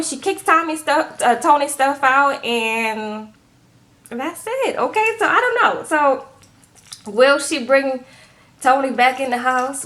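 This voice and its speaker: A woman talks through a reality TV recap in casual chat. Her voice sits a little high, and she is animated, acting out the people and tagging her lines with "okay?".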